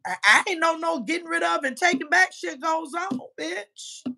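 High-voiced woman ranting profanely. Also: normal speed, gravelly, pushed and bright. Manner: profane, combative, trash-talking. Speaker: livestreamer. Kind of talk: heated livestream rant.

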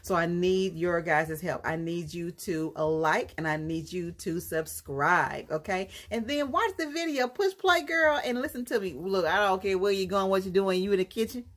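A woman's voice: fairly low pitch, moderate pace, hardly any pauses. A woman hosting her own live jewelry sales show, sassy and chatty, laughing often and calling her viewers girl and honey. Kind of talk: casual live-stream sales pitch.

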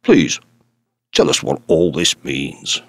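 A man's voice: very deep voice, very animated, slow pace, fairly bright tone, slightly rough, dry recording, pitched below the performer's own voice, full character voice. A man voicing a stern, formal army colonel in an audiobook. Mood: firm. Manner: firm, formal. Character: stern military colonel, a father.

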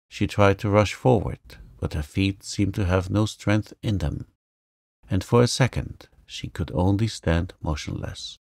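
A man reading a sleep story aloud in a calm, gentle manner. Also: deep voice, gravelly, no room sound, studio quality. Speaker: narrator. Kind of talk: slow sleep story narration.

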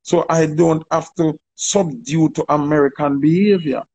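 A Jamaican man telling a story in casual, animated patois, acting out the people he quotes. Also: on the high side, normal speed, rough recording. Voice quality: gravelly, husky.

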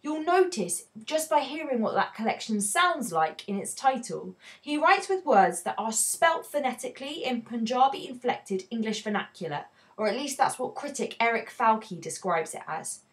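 A woman's voice: on the high side, sing-song, normal speed, hardly any pauses. Woman teaching a poetry lesson. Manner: clear, earnest explaining with emphatic stresses.

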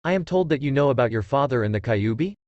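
A man's voice: medium pitch, expressive, fast, darkish tone, dry recording, muffled recording, lightly acted. A man voicing a stern elderly male village leader who speaks in a guarded, probing way. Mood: suspicious.

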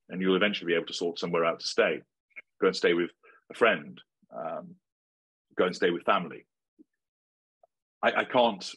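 Brief: middle-aged man, low husky voice, firm and lecturing in interview. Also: a bit bright. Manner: measured, assertive, lecturing. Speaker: interviewee giving advice. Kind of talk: interview answers.

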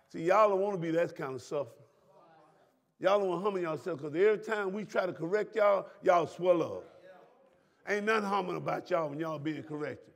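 High-pitched preacher man shouting a sermon. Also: fairly quick, vocal fry. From Southern United States. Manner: preaching with repetition and sudden shouts to the congregation. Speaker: pastor.

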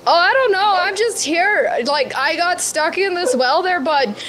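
A woman's voice: very high voice, expressive, measured pace, fairly bright tone, exaggerated voice, rough recording. A woman voicing a chatty dead woman turned cosmic patron deity, with a Midwestern accent and a folksy, rambling way of talking. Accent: American Midwestern. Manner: folksy, rambling, keeps calling people bud. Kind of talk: tabletop role-play in character.

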